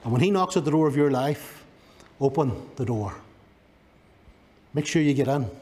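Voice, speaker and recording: A man's voice: mid-range voice, animated, normal speed, a little mellow. A male pastor with a Northern Irish accent preaching a sermon, emphatic and driving home key words by repeating them. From Northern Ireland.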